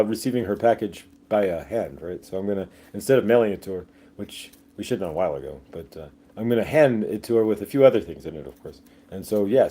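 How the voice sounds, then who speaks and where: A man's voice: mid-range voice, warm tone. Man, livestream host, casual rambling chat, lots of ums, mid-range voice. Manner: rambling, many fillers, jokey asides; reads viewer comments aloud.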